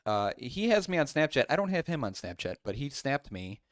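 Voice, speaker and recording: A man's voice: medium pitch, very animated, fairly quick, no echo, clean studio sound. A man co-hosting a casual podcast, rambling through his thoughts with lots of fillers and restarts. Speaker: podcast co-host.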